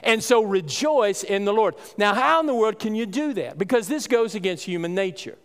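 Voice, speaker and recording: A man's voice: sits high, lively intonation, normal speed, smooth. A man preaching a sermon as pastor, folksy and emphatic, his voice rising on key points. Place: church sanctuary. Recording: reverberant church hall.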